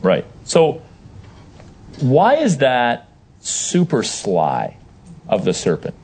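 A man's voice: medium pitch, very slow, slight background noise. A man teaching a Bible class, explaining verses with emphasis and putting questions to his listeners. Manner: animated, emphatic, asks the audience questions.

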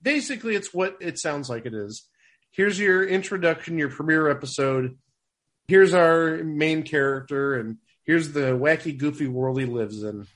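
Wry chatty man, high voice. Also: normal speed, a bit bright. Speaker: podcast co-host. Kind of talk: casual chat.

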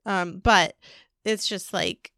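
This podcast co-host, a woman in her forties, has a gravelly, fairly bright mid-range voice with fairly even intonation and a slow pace. Her casual chat rambles, full of fillers and restarts, recorded at studio quality without echo.

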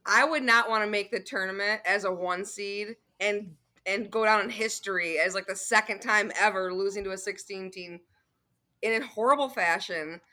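A woman guest on a casual sports podcast, chatty and opinionated, talking quickly in bursts. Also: mid-range voice, sharp tone.

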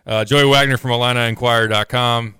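A man hosting a sports radio show, delivering news in a steady, conversational way. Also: medium pitch, fast, clean tone, dry recording, clean studio sound. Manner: steady, conversational, sing-song show intro. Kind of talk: casual sports radio chat.

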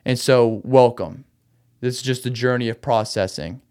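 A man's voice: medium pitch, moderate pace, a little mellow, clear, resonant tone. A man hosting a solo late-night podcast, venting in a rambling, restless way and laughing through his anger. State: agitated, wound up. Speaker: podcast host. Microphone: podcast microphone.

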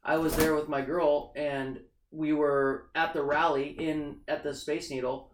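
A man from the United States in casual political chat, telling stories in an animated, emphatic way. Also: a little high, a little slow. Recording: echoey room, faint background noise.

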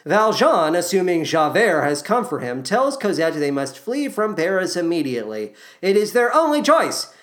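Female podcast host, lower pitch, sarcastic comic recap, very lively delivery. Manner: sarcastic, irreverent, slips into silly voices. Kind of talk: comedic plot recap.

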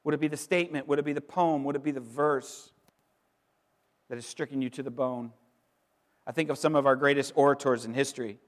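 A middle-aged man preaching an Easter sermon as pastor, emphatic, pausing for effect and repeating words as he builds. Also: medium pitch, fairly even intonation. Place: church sanctuary. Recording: long reverb in a large hall.

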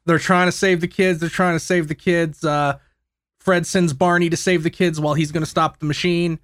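Bright-voiced man recapping a movie. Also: on the high side, flat delivery, moderate pace. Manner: recaps plot with swearing and laughter. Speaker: podcast co-host recapping a movie. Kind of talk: casual chat.

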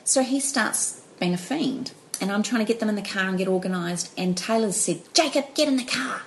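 A woman, telling stories in an animated, laughing way as a guest in a casual chat. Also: medium pitch, a little fast, a little hiss or hum, rough recording. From New Zealand. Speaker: podcast guest.

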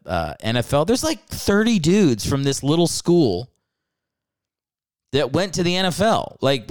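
Animated, irreverent male podcast host. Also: medium pitch, clear, resonant tone, no echo, clean studio sound. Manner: irreverent, rambling, profane asides. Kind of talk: casual comedic solo podcast.

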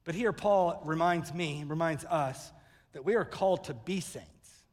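High-voiced man preaching in a reverberant hall. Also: measured pace. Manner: storytelling, acts out quoted people with sudden loud bursts. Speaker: pastor. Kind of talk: sermon. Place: church sanctuary.

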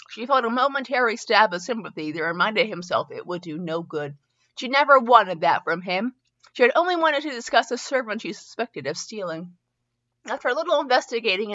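Bright-voiced woman reading fanfiction aloud. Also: medium pitch, lo-fi sound. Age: middle-aged. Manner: stumbles and restarts often, chatty asides. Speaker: fanfiction reader and podcast host. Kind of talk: reading a story aloud with asides.

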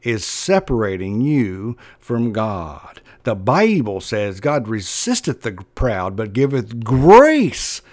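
A man's voice: mid-range voice, big pitch swings, a little mellow, dry recording. Emphatic male preacher, dry sound. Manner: emphatic, repetitive, slows down to stress points. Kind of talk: sermon.

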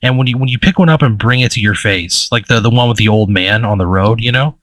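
A man narrating a tabletop game as game master, casual and halting, with lots of fillers and restarts. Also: mid-range voice, fairly bright tone, no echo.

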